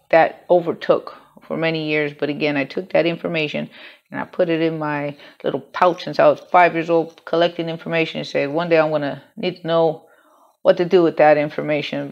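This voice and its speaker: Low gravelly woman telling a story. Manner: rambling, frequent swearing and restarts. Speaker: channel host telling a personal story. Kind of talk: candid personal storytelling, casual and profane. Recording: dull lo-fi home recording.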